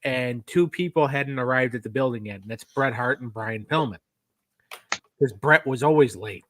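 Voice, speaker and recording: A man's voice: mid-range voice, normal speed, fairly bright tone, a little hiss or hum. A man co-hosting a casual wrestling review podcast, telling a backstage story in a loose, rambling way and acting out the quotes. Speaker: podcast co-host.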